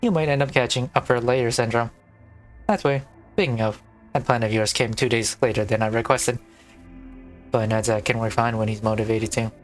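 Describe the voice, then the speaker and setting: A man playing blunt, aloof young twin department heads from a game, reading their lines in a flat monotone. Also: medium pitch, moderate pace, faint music behind, lightly acted. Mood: scolding. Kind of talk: gaming let's play, reading dialogue.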